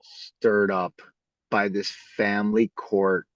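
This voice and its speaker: A man who is a podcast guest, telling stories in a casual, animated way and acting out the people in them. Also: fairly low pitch, slow, no room sound. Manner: animated storyteller who acts out the voices in his stories. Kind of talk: casual storytelling interview. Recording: slightly dull lo-fi audio.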